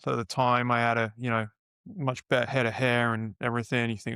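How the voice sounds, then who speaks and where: Man, middle-aged, British accent, podcast guest, rambling anecdotes, mid pitch, dry close sound. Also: flat delivery, quick pace, fairly bright tone, clean tone, dry recording. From United Kingdom. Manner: rambling, self-correcting anecdotes. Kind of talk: casual interview storytelling.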